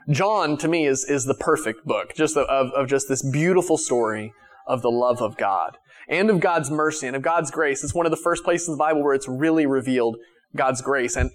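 A male pastor preaching a conversational sermon who retells Bible scenes in casual everyday language. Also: fairly high pitch.

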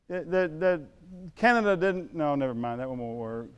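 A middle-aged man preaching a sermon, moving from quiet storytelling to emphatic calls to the congregation. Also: on the high side, expressive, moderate pace, smooth. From United States. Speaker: pastor.

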